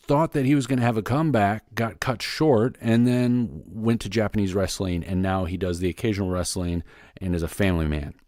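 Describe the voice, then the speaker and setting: A man's voice: lowish voice, a little mellow, no echo, studio quality. A man hosting his own podcast, giving a casual, rambling solo update with plenty of fillers and restarts. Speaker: podcast host.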